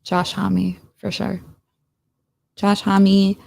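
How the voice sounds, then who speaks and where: A woman's voice: medium pitch, completely flat delivery, very slow, gravelly, a little mellow. A woman in a casual livestream chat, rambling and searching for names, laughing often. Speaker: streamer.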